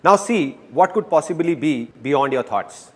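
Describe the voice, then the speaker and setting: A man giving a motivational talk to a live audience, animated and playful, repeating his key lines. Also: a little high, unhurried, breathy edge. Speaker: motivational speaker.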